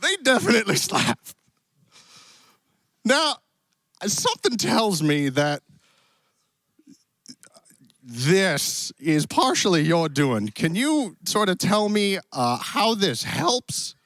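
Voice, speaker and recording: Heavily acted and sing-song, this high-pitched, slightly bright voice belongs to a man playing a cowboy host from the Old West on a live stream. He speaks slowly with frequent pauses, joking in a put-on Western drawl over a handheld stick mic, playful and theatrical, with no room sound.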